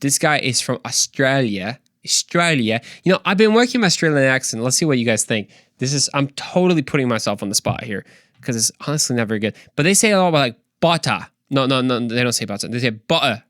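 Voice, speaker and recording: A young man hosting a podcast, talking casually about faith in an energetic, preachy and joking way. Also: medium pitch, quick pace, dry recording, studio quality. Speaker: podcast host.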